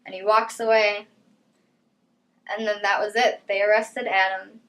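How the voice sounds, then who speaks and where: Young woman quietly recounting a story. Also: mid-range voice, flat delivery, low-quality recording. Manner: quiet, halting storytelling with soft trailing lines. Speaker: interviewee. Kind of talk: personal testimony.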